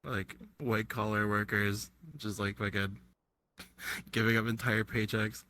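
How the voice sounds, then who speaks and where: A man's voice: lowish voice, little pitch movement, unhurried, bright, forceful tone, a little hiss or hum. A man in casual chat on a stream, laughing often and swearing casually.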